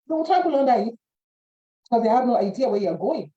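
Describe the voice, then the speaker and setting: Lady preaching a bible devotional, kinda high voice, mellow, repeats herself a lot, dull lo-fi sound. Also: fast, pauses often. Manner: animated, repeats phrases, acts out quoted voices. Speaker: Bible teacher. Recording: dull lo-fi recording.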